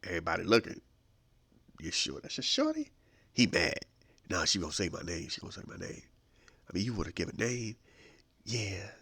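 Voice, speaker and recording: A man hosting a podcast who tells comic stories in an animated, slangy way and acts out the scenes. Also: fairly low pitch, creaky, no room sound. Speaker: podcast host. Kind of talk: comedic storytelling with acted voices.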